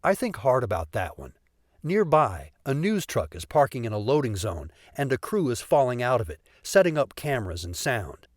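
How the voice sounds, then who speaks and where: A man's voice: medium pitch, very animated, normal speed, no echo, clean studio sound. A man narrating a comic story in the first person for an audiobook, telling it expressively.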